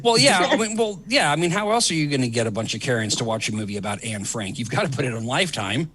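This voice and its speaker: A man's voice: medium pitch, big pitch swings, fast, fairly bright tone, breathy edge. A middle-aged man hosting a casual comedy chat, rambling with fillers and laughing often. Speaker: host.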